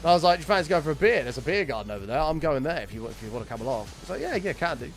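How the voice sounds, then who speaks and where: A young man chats to his stream while he plays, telling rambling, sweary anecdotes and greeting viewers by name. His voice sits a little higher than most men's. Soft music plays quietly under his talk. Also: very animated. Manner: chatty storytelling, sweary, quick to greet viewers. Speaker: game streamer. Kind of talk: casual chat with live chat while gaming.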